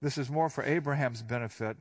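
An older man, a pastor, giving a conversational Bible teaching, reading verses aloud and then explaining them in a relaxed way. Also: medium pitch, brisk. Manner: relaxed and explanatory, reads scripture then unpacks it.

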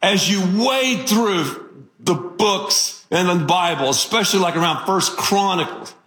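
A man preaching a sermon as pastor, telling stories in an animated, joking way. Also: high-pitched, measured pace, echoey room.

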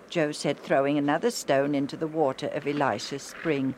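A woman narrating a children's story in a clear, steady storytelling manner. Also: low voice, moderate pace, few pauses, a little hiss or hum.

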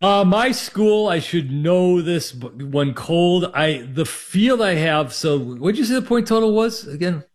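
A man's voice: sits high, animated, measured pace, hardly any pauses. A man from Minnesota, co-hosting a sports radio show, breaking down college football win totals in a rambling way, full of fillers. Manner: rambling, heavy on fillers like "you know" and "like". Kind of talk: sports betting talk on air.

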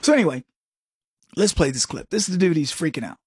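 A man's voice: a little high, big pitch swings, fast talker, breathy edge, dry recording, clean studio sound. A man hosting an opinion commentary, talking straight to viewers in an emphatic way and often repeating words. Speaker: commentary host.

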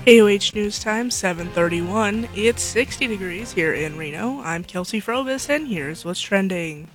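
A female local news anchor reading headlines in a steady, measured way. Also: medium pitch, faint music behind.

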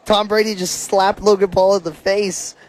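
A man's voice: high-pitched, flat delivery, normal speed. A young man co-hosting a sports show, chatting casually and stumbling over repeated words. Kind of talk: casual on-air banter.

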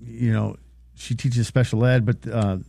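A man's voice: mid-range voice, level tone, a little slow, vocal fry, mellow, no room sound. A man in a casual chat, telling a funny story and laughing through his own punchlines.

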